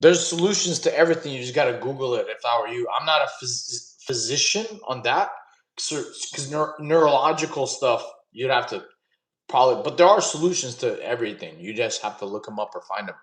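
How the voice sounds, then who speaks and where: A man chatting casually with his livestream audience and answering questions, laid-back and quick to laugh. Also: medium pitch, expressive, a bit bright, echoey room, rough recording. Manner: laid-back, chatty, laughs often, addresses chat as y'all. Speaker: streamer answering chat questions.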